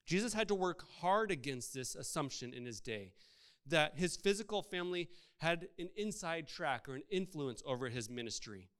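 A male pastor delivers a sermon in a smooth, resonant voice set a little high for a man. He talks in a conversational way and keeps putting rhetorical questions to the congregation. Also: animated, moderate pace, a bit bright.

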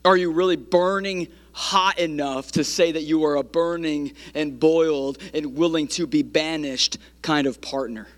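A man's voice: fairly high pitch, fairly even intonation, a little slow, few pauses. Fiery man preaching with rising cadence. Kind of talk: sermon.

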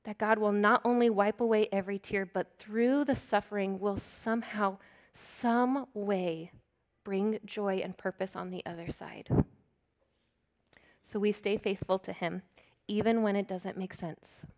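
A middle-aged woman preaching a sermon, earnest and candid, laughing at herself now and then and dropping into soft, breathy whispers for emphasis. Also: medium pitch, fairly even intonation, unhurried.

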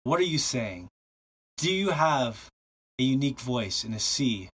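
A man's voice: medium pitch, sing-song, unhurried, fairly bright tone, slightly rough. A man hosting a podcast in casual chat, with playful, jokey asides. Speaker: podcast host.

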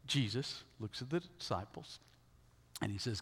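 A male pastor preaching a sermon, retelling a story emphatically and checking in with the congregation with quick rhetorical questions, in a large hall. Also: medium pitch, expressive, a bit bright, husky. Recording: long hall reverb.

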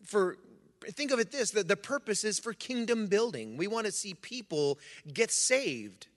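A man with a high voice delivers a sermon. He reads scripture, then preaches in a loose, conversational way, often restarting his sentences. His voice rings out with a long reverb through a church sanctuary. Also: big pitch swings, unhurried. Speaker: pastor.

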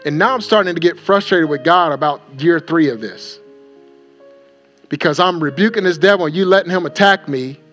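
A man's voice: on the high side, normal speed, a bit bright, soft background music. A male pastor preaching a sermon, emphatic and repeating his phrases for effect. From Wisconsin.

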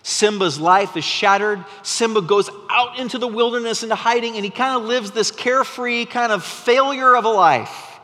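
A man preaching a sermon as a pastor, an animated storyteller whose voice rises when he gets excited. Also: extremely high pitch, moderate pace, few pauses. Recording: long reverb from a large hall.

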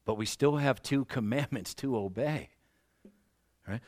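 A man preaching a sermon as pastor, slowing down and swelling loud on key points, with self-mocking asides and light laughs. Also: mid-range voice. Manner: slows down for emphasis and rises loudly on key points.

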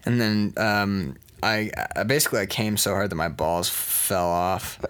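A man's voice: lowish voice, a little slow, clean tone. A young man in casual chat, telling rambling, joking stories with a lot of laughter. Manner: rambling, jokey, lively storytelling.

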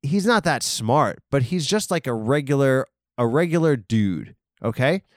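Rambling comedian man, lively pitch. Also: a little slow, no room sound, studio quality. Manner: digressive, rambling, mock arguments with himself; bursts into loud high sung shouts.

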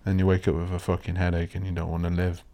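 Low-voiced man ranting casually. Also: monotone, quick pace, mellow. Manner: swears a lot, rants and mocks posh voices. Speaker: podcast host. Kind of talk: rambling solo podcast monologue.

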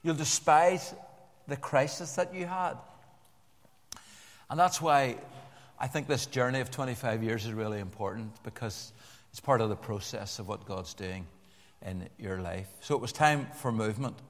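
An older man preaching a sermon to a congregation in an animated way, repeating words and joking with the listeners. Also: mid-range voice, moderate pace. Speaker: pastor. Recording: long church-hall reverb.

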